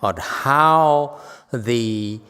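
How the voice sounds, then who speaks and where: A man's voice: mid-range voice, extremely slow, sharp tone, clear, resonant tone. Buddhist teacher, man, dharma talk in a temple hall, keeps asking "okay?", long reverb. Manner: chatty, often checks in with "okay?"; joking asides. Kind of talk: dharma lecture.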